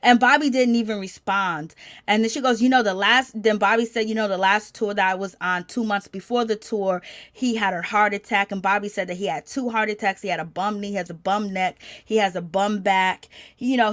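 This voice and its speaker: A woman giving animated gossip commentary, reacting with exclamations as she recaps a show. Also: mid-range voice. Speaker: commentary channel host.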